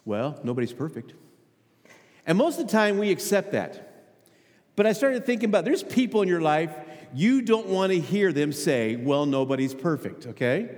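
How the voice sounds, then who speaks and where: A man's voice: fairly high pitch, a little mellow. A male pastor preaching a conversational sermon, asking the congregation questions and often repeating his words. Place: church sanctuary. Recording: hall with long reverb. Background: long hall reverb.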